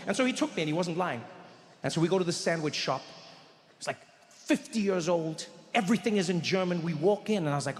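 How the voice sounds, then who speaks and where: A man doing stand-up comedy on a live stage, telling an animated story and acting out the voices of other people. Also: high voice, fairly quick, big-room sound.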